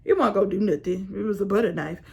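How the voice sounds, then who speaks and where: A young woman vlogger telling a storytime tale in an animated, slangy, laughing way. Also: mid-range voice, fast talker, creaky, husky. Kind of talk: casual storytime.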